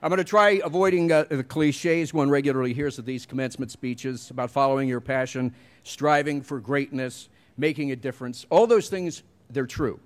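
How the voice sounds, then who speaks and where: A man's voice: medium pitch, normal speed. A middle-aged man giving a commencement speech, telling wry, self-deprecating stories at a podium mic. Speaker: commencement speaker.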